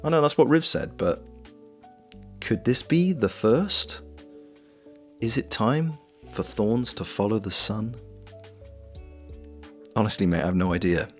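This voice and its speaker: A man's voice: lowish voice, unhurried, pauses often. A young Welsh man with a Welsh accent, chatting casually and jokily while knitting on a stream, swearing freely. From Wales. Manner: rambling, jokey, swears freely. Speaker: streamer and voice actor. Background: faint lo-fi music.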